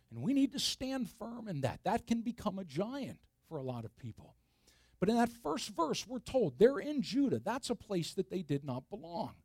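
A man's voice: on the high side, a little mellow, no room sound, studio quality. A man preaching a sermon, emphatic and full of rhetorical questions to the congregation.

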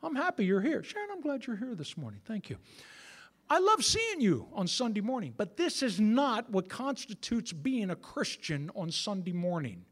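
In a church sanctuary, a middle-aged pastor delivers a sermon in a high-pitched voice, bouncing and lively at a moderate pace. He keeps things conversational, turning aside now and then to chat with the congregation.

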